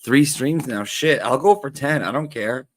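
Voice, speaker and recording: A man's voice: medium pitch, moderate pace, no echo. A man in a comedic teacher persona, telling chatty, gossipy stories in a theatrical way and swearing casually. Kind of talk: gossipy livestream monologue.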